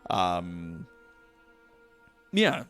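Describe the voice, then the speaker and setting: A man runs a tabletop role-playing game, describing scenes in a relaxed way. His voice rises and falls a lot as he narrates. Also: deep voice, very slow, faint music behind. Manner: relaxed, with frequent fillers. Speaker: game master.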